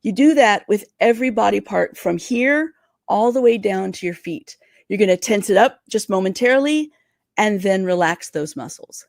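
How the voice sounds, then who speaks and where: A woman coaches viewers through a livestream with quick, excited energy. Her voice sits at a middling pitch and sounds dry and close, with no room echo. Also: vocal fry. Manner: energetic, talks fast and excitedly. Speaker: career coach.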